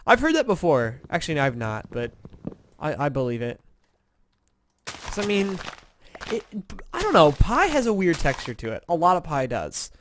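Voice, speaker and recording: A man's voice: a little high, huge pitch swings, normal speed, long pauses, slight background noise. Tired, rambling man chatting through gameplay. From Indiana, USA. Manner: rambling, chatty, self-mocking. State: tired, yawning. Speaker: gaming commentator. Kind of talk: casual let's-play chat.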